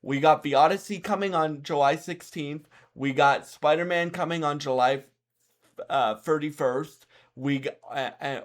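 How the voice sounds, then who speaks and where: A young man talks through a movie review, slow and unhurried, his voice sitting a bit high. He stops, restarts and repeats words often. When he turns to advice for viewers, he sounds earnest and encouraging. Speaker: film reviewer on his own channel. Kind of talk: casual spoken movie review.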